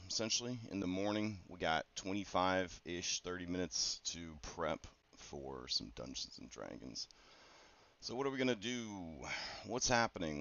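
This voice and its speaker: Low-voiced man rambling through game prep. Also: a bit bright, no echo. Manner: rambling and conversational, with many fillers and quick asides. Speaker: game master. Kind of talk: casual solo campaign prep talk. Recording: dull, dry lo-fi recording.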